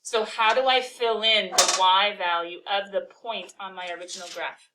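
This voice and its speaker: A woman teaching a calculus class, talking through a problem and firing quick questions at her students. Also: mid-range voice, fairly even intonation, recorded from a distance, heavy background noise. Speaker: math teacher.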